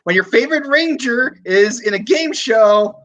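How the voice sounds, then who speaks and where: A man's voice: very high-pitched, expressive, moderate pace, a bit bright. Man sharing fan trivia. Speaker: podcast co-host. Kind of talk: casual chat.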